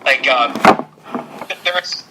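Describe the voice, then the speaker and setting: A man co-hosting a podcast, rambling excitedly through a wrestling recap with lots of fillers and laughter. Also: medium pitch, takes it slowly, very noisy. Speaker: podcast co-host. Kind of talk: casual wrestling recap chat.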